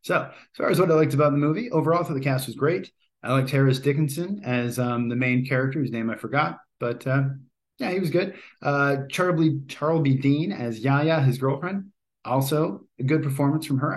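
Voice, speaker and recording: A man talks through a film he watched in an easy, unscripted way. He rambles, hesitates with frequent ums and uhs, and often restarts his sentences. His voice sits at an ordinary middle pitch. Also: brisk. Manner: rambling, many fillers and restarts. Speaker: movie reviewer. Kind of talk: casual spoken movie review.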